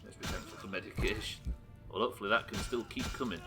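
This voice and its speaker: A man's voice: fairly low pitch, fast. A male gaming streamer talking through live gameplay, sweary, joking and self-deprecating. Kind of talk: live gameplay commentary and chat. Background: game music and sounds.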